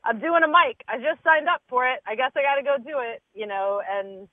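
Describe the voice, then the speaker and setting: A woman's voice: high-pitched, a little fast. A woman stand-up comedian chatting as a guest, candid and swearing casually as she acts out her own thoughts. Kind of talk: casual podcast chat. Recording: dry, tinny phone-like sound.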